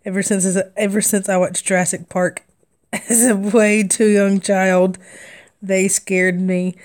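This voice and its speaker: Southern lady rambling away on a stitching livestream, voice sits a bit low. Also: clear, resonant tone. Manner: chatty, rambling, laughs through her stories. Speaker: crafting vlogger. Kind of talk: casual live-stream chat while stitching.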